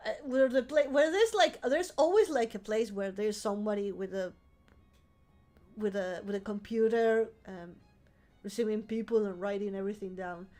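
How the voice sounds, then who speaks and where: A woman's voice: medium pitch, moderate pace, darkish tone, faint music behind. A woman streamer telling a rambling story in casual live-stream chat, swearing freely and laughing often. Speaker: vtuber streamer.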